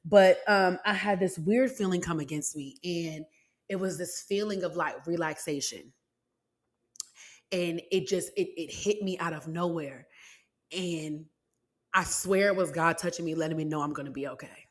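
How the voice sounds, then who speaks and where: A woman's voice: fairly low pitch, moderate pace. Emotional woman telling her story. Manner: emotional, animated, faith-filled, addresses listeners as y'all and child. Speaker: podcast host. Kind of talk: personal storytelling to listeners.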